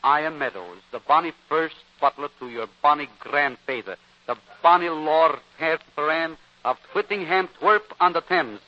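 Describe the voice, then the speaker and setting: An actor playing a formal, pompous Scottish butler with a put-on Scottish accent, in 1940s radio comedy. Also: male voice, on the high side, normal speed, slight background noise, natural voice. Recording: dull old radio recording.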